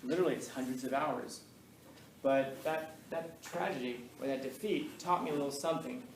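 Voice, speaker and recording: A man's voice: medium pitch, normal speed. A man telling students loose, self-deprecating stories with easy laughs. His voice sits in the middle range and is caught from a distance in a roomy, echoing classroom with a faint hiss of noise behind. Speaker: teacher. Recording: echoey room, mic far off.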